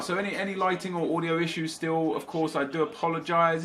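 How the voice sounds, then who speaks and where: A young man hosts his gaming channel, chatting casually from his home office. His voice is bright and forward, with a slightly stuffy nose. He rambles, restarts sentences and wanders into asides. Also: on the high side, little pitch movement, fairly quick, few pauses, a little hiss or hum. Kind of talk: casual chat to camera.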